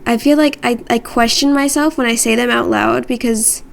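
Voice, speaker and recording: Woman streamer, casual rambling chat from her room, playful and self-mocking, raised pitch with a creaky edge. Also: steady tone, moderate pace.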